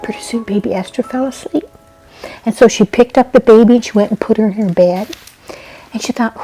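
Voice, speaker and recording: Gravelly homespun woman storyteller. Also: on the high side, fairly quick, dark tone, soft background music, rough recording. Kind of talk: oral storytelling to children.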